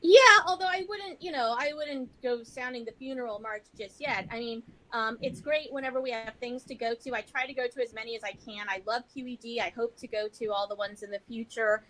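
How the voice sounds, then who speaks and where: A woman's voice: on the high side, a little fast, few pauses, a bit bright, a little hiss or hum, poor audio. A woman as a podcast guest, chatting in a rambling, self-deprecating way. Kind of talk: casual chat.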